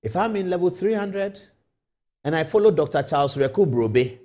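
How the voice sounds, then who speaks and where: A man's voice: on the high side, brisk, mellow. A man hosting a live late-night TV talk show, telling a long hypothetical story and firing rhetorical questions at his viewers.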